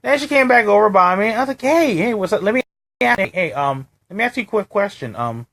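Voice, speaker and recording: A man's voice: high voice, fast talker, vocal fry. A man co-hosting a casual live-stream chat, telling a story with lots of restarts and acted-out quotes. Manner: animated storytelling, acting out quoted voices, many restarts. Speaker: co-host.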